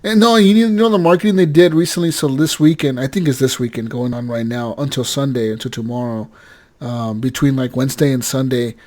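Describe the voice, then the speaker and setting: A man from Oregon co-hosting a gaming podcast in loose, profane, animated banter. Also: mid-range voice, brisk. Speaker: podcast co-host. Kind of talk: casual chat.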